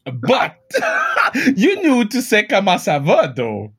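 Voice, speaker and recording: Excitable high-voiced male podcast host. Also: slow pace, husky. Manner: excitable, profane, stammering repeats. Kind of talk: casual podcast interview.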